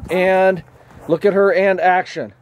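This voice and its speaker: A man directing a group of friends in an amateur scene outdoors by a fire pit, bossy and theatrical, now and then shouting commands. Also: sits high, steady tone, slow pace, a little hiss or hum. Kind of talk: casual directing and chat.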